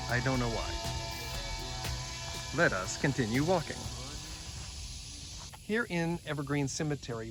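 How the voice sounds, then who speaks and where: An enthusiastic man hosts a walking tour through a cemetery, rambling happily with plenty of ums and uhs. He talks outdoors at an ordinary middle pitch, and music plays clearly behind his voice. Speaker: cemetery vlog host. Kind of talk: casual walking tour narration.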